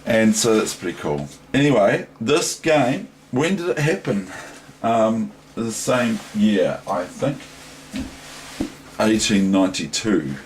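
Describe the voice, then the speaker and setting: Slow, deep-voiced New Zealand chess teacher. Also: male voice, animated, slight background noise. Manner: rambling, digressive, thinking aloud. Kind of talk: casual chess lesson.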